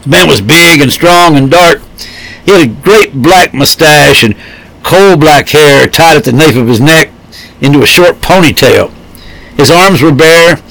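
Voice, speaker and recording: Man reading a story aloud, higher voice. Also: a bit bright, no room sound, poor audio. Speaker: narrator.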